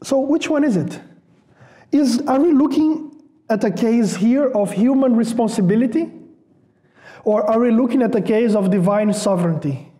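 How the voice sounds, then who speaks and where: A man's voice: very high-pitched, normal speed. A man from Brazil, preaching a sermon emphatically and repeating words for stress. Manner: lively with rising questions. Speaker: pastor. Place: church.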